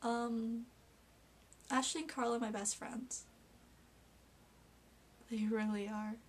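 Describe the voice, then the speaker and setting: A woman's voice: on the high side, little pitch movement, takes it slowly. A young woman vlogging casually about her best friends, getting emotional, hesitant and giggly as she talks.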